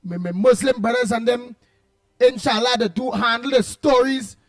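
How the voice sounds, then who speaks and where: High-voiced Trinidadian man hosting radio. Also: moderate pace, no echo, clean studio sound. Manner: rambling, playful, bursts of loud greetings. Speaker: radio show host. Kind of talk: casual call-in radio chat.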